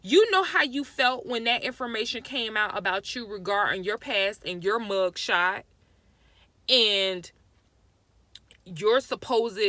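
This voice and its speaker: A woman's voice: mid-range voice, pushed and bright, dry recording. A young woman vlogger ranting to camera, scolding people directly in an exasperated way.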